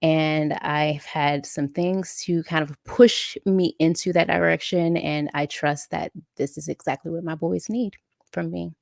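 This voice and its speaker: A woman's voice: low-pitched, fairly even intonation, unhurried, gravelly, darkish tone, no echo, studio quality. A woman hosting a casual live chat and reading out viewer comments, emotional and laughing often. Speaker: live-stream host and coach.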